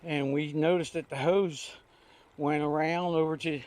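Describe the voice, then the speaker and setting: Riding a recumbent trike outdoors, an older man vlogs while telling meandering, folksy stories in plain homespun language. His fairly high voice is a little mellow, with fairly even intonation and a measured pace, over slight background noise.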